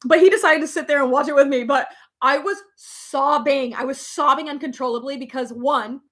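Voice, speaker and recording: Young woman, casual live chat host, rambling, lots of fillers and laughs, a touch high-pitched. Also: normal speed, fairly bright tone. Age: young adult. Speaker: livestream host reading comments.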